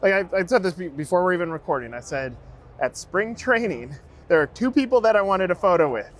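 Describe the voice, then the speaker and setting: A man's voice: high-pitched, expressive, fairly quick, a little hiss or hum. A man hosting a podcast, talking to his guest in an earnest, encouraging way. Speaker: podcast host. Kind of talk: casual interview chat.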